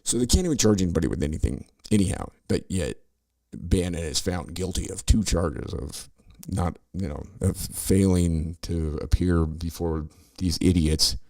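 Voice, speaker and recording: A man's voice: low voice, normal speed, gravelly, mellow, no room sound. A middle-aged man hosting a podcast, ranting and swearing sarcastically while reacting to news clips. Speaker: podcast host. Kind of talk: profane political commentary over news clips.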